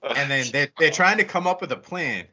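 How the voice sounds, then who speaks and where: A man's voice: fairly high pitch, brisk. A man co-hosting a podcast, recapping a movie in casual, profane chat and acting out the quotes. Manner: animated storytelling with acted-out quotes. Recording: dull lo-fi recording.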